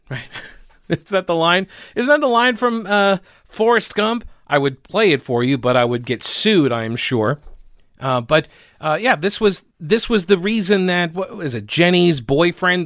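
A man with a slightly raised pitch hosts a political commentary show in a sarcastic, mocking tone. He reads quotes aloud and picks them apart. The sound is dry and close, with no room echo. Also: a bit bright.

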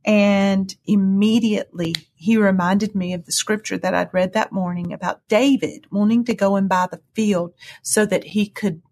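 Earnest breathy woman telling her testimony. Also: fairly even intonation, moderate pace, few pauses, darkish tone. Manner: earnest storytelling, swings to high cries when reliving moments. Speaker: guest sharing testimony. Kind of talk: emotional personal testimony.

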